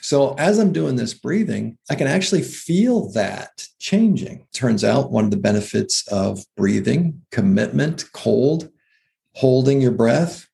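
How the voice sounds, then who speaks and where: A man with a gravelly, creaky edge and a somewhat low pitch talks through health ideas in a relaxed podcast conversation. He restarts his sentences often and tosses in "right?" as he explains. He comes across as a health practitioner co-hosting the show. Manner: explanatory, with frequent restarts and "right?" check-ins. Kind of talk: casual conversational podcast talk.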